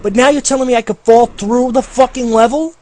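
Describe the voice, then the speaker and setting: A man's voice: very high-pitched, a little fast, mellow. Sweary, exasperated male game reviewer. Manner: exasperated, sarcastic, swears constantly. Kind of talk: profane gameplay commentary rant.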